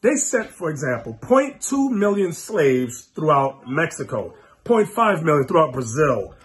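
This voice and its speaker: A man preaching a fiery, mocking sermon, scolding his listeners with sudden shouts. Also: fairly high pitch, very animated, measured pace. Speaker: preacher and teacher.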